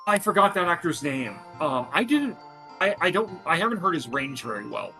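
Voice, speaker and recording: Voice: mid-range voice, big pitch swings, normal speed, sharp tone, faint music behind. A co-host chatting casually on stream, talking with eager fan enthusiasm.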